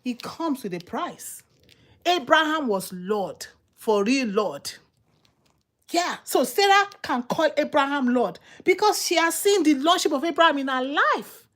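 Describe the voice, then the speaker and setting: A woman preaching a sermon, fired up and emphatic, firing off repeated rhetorical questions. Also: high-pitched.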